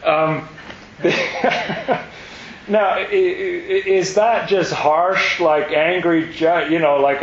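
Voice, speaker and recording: A man leads a scripture class in a roomy, echoing room, his voice a touch higher than most men's. He thinks aloud, questioning and emphatic, often restarting his sentences. The recording is dull and muffled with faint hiss behind him. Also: fairly even intonation, very slow. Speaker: Bible study teacher.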